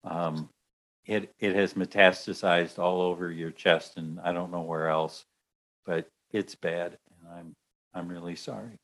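A man doing a quiet, apologetic surgeon. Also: low-pitched, steady tone, normal speed. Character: apologetic male surgeon delivering bad news.

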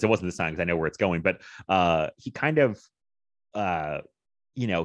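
A man with a very deep voice that still swings widely in pitch talks about a film. He chuckles easily between filler-laden sentences, and the recording is close and dry. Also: no room sound. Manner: laughs often, chatty with fillers. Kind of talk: casual film discussion.

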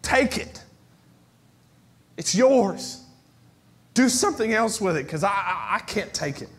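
Impassioned high-voiced male pastor preaching. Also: animated, takes it slowly. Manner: impassioned preaching, swinging from shouts to whispers; repeats phrases for emphasis. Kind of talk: sermon.

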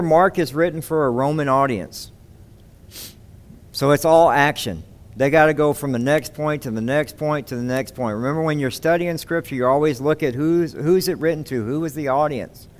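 A man preaching a sermon, reading scripture and asking the congregation rhetorical questions. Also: mid-range voice. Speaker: pastor.

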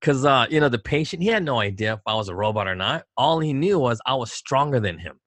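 A man's voice: medium pitch, expressive, fast talker, a bit bright, no echo. Middle-aged man, talk co-host, emphatic and rhetorical, dry close sound. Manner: emphatic, rhetorical, repeats himself. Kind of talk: casual political talk.

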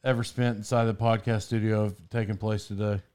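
A man's voice: fairly low pitch, little pitch movement, fairly quick, darkish tone, clear, resonant tone. A man hosting a podcast from a studio, telling a story in a casual, rambling way, cutting himself off and laughing often. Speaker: podcast host.

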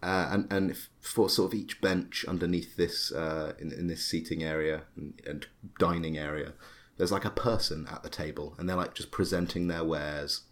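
Deep-voiced male game master. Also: steady tone, normal speed, hardly any pauses. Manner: hesitant, many fillers and restarts. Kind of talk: narrating a tabletop game.

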